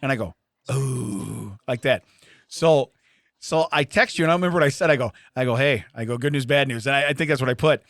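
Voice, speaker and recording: This comedy podcast co-host is a fast-talking man with a mid-range voice, recorded cleanly in the studio with no room sound. He spins animated stories in casual banter and laughs a lot.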